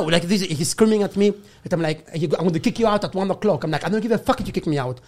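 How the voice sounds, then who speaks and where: A man's voice: high voice, quick pace, hardly any pauses, darkish tone. A man, a guest comedian, telling a rowdy story in a casual chat, laughing and swearing as he acts out the people in it.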